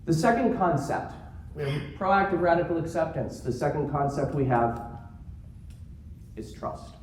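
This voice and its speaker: A man giving a keynote talk to a live audience, telling stories in an animated way and joking along the way. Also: a little high, moderate pace, a little hiss or hum. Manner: animated storytelling with jokes. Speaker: keynote speaker. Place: conference room. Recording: roomy conference room sound.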